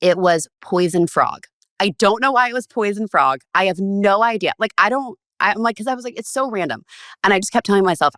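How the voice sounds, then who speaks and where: A woman, a podcast guest, telling stories in a casual, animated way and acting out the lines of others with big jumps in pitch. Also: no echo, studio quality. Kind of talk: casual storytelling.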